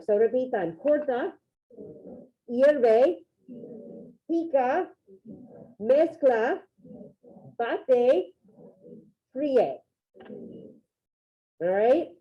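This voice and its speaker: A woman teaching a Spanish class over a video call, upbeat and encouraging as she calls on students by name. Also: on the high side. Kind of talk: online classroom lesson. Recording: tinny phone-like video call audio.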